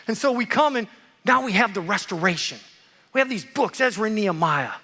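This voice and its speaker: A man preaches with a playful, animated delivery, jumping from loud excitement to hushed asides. His voice is bright and forceful, and it rings with the long reverb of a church hall. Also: sits high, a little fast. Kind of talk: lively sermon.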